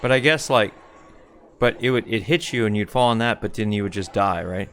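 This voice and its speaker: A man's voice: on the low side, a little fast, fairly bright tone, a little hiss or hum. A man hosting a casual interview over a call, prompting his guest with easygoing questions. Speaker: podcast host.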